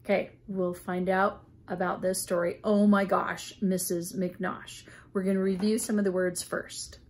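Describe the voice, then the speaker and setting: A woman teaching a children's reading lesson, talking slowly and patiently to young kids as she reviews words and walks through a picture book. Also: medium pitch, flat delivery. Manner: slow, patient, friendly teacher talk to children.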